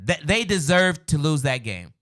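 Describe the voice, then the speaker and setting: A man hosting a casual sports talk livestream, animated and chatty. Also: a little high, moderate pace. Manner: animated, says "bro" and "you know what I'm saying". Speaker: sports show host.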